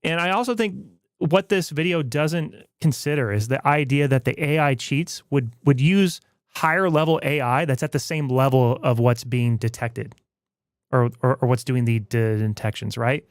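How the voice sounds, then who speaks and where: A man's voice: medium pitch, moderate pace, no room sound, studio quality. A man hosting a casual stream, rambling and skeptical, with frequent restarts and jokes. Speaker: streamer host.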